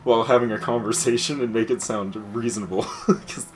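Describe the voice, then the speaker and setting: A man chatting casually over a racing game playthrough, telling gossip in an animated way, swearing freely and laughing often. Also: medium pitch, a little fast, faint music behind. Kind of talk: casual gaming chat.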